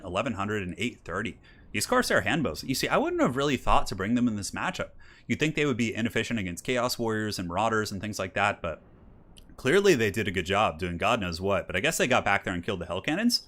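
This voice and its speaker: A man's voice: medium pitch, a bit bright. A young man hosts a live stream, casting strategy game matches in a loose, chatty way and answering his viewers as he goes. His voice rises and falls a lot and stays upbeat, and he sounds like he is speaking into a desk microphone. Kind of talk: casual live-stream commentary.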